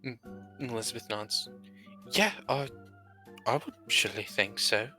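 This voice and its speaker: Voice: mid-range voice, measured pace, bright, forceful tone, faint music behind. A player in a live-streamed tabletop role-play game, speaking formally in character and narrating in the third person.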